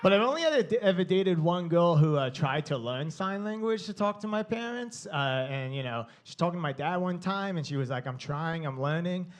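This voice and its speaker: Brash Long Island comedian, high voice. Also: male voice, fairly quick, hardly any pauses, slight background noise. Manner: brash, swears often, animated. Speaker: stand-up comedian. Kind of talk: stand-up set.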